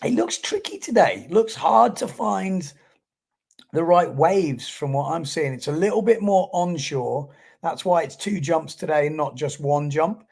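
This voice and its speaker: A man's voice: fairly high pitch, expressive, measured pace, gravelly, a little mellow, husky. A man giving chatty live commentary on a sports stream and reading out viewer comments.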